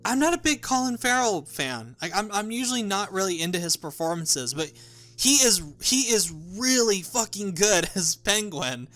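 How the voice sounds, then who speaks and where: A man's voice: sits high, very animated, moderate pace, a bit bright, soft background music. A young man giving a casual, rambling movie review, often restarting his sentences and swearing. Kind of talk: casual spoken film review.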